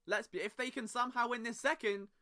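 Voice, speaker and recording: Young British male podcast host, jokey and rambling, bright tense tone. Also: very high-pitched, fairly even intonation, fast talker. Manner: chatty, jokey, rambling asides. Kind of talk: casual sports podcast monologue.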